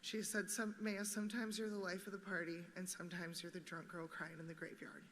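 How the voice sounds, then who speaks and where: Bright-voiced young woman on a theater stage. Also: on the low side, brisk. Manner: animated, quoting friend's lines, laughing. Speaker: memorial speaker. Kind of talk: personal storytelling. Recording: long reverb in theater, faint background noise.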